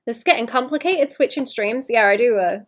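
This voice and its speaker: A woman streaming herself drawing, chatting casually in a rambling way that trails off and drops to a quiet murmur. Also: a little high, expressive, fairly quick. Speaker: art streamer. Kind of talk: casual live-stream chat while drawing.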